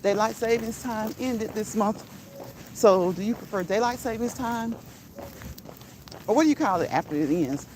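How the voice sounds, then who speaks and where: A woman's voice: a little high, moderate pace, pauses often, a little mellow, slight background noise. A woman who grew up in the northern United States, chatting casually while walking outdoors, laughing often and playfully repeating words. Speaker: vlogger. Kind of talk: casual walk-and-talk vlog. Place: outdoors on a rural walk.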